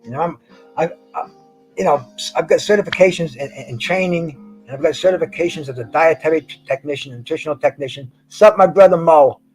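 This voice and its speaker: High-voiced stammering man, casual chat. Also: brisk, soft background music, rough recording. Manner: stammering, repeats words, slangy. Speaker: boxing show host.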